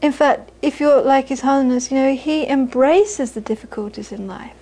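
A woman's voice: high voice, normal speed, warm tone, rough recording. A woman Buddhist teacher giving an informal, conversational dharma talk to an audience, repeating phrases for emphasis and often laughing.

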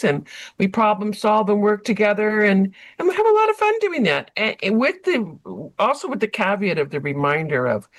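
Woman, group leader, lively swooping pitch, explanatory, frequent restarts. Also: dry recording. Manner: animated, explanatory, restarts often. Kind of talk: casual group interview.

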